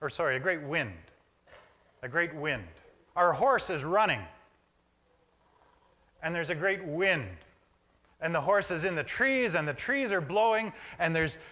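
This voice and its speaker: A man's voice: high voice, pushed and bright. A male pastor preaching a reflective sermon in a church, building images in short, repeated phrases. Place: church sanctuary.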